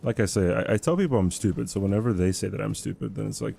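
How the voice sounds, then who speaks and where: Young male streamer, low gravelly voice, rambling casual gaming chat. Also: fast, mellow, a little hiss or hum. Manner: rambling, laughs often, self-deprecating. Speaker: livestreamer.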